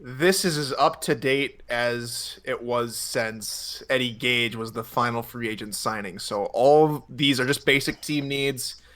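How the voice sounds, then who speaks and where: Bright-voiced eager male panelist. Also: medium pitch, steady tone, unhurried, few pauses. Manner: eager, slightly nervous. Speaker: guest panelist. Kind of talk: casual panel chat.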